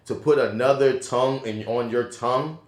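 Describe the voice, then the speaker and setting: A man co-hosting a casual film review podcast, talking in an animated, slangy and profane way that swings between loud and soft. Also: mid-range voice, normal speed. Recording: echoey room.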